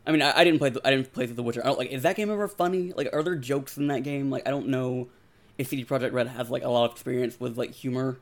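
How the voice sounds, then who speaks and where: A man talking on a casual podcast, hedging as he goes and leaning hard on "like.". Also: mid-range voice. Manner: fast, hedging with constant "like".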